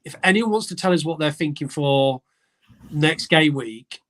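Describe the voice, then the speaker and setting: A man's voice: on the high side, normal speed, fairly bright tone. A man from England co-hosting a casual fantasy football live stream, chatting and answering viewer comments. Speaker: fantasy football livestream co-host.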